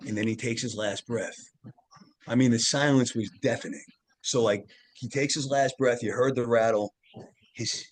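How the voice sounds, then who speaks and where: Earnest man telling a personal story. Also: mid-range voice. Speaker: podcast guest, tarot reader and author. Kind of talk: casual storytelling interview.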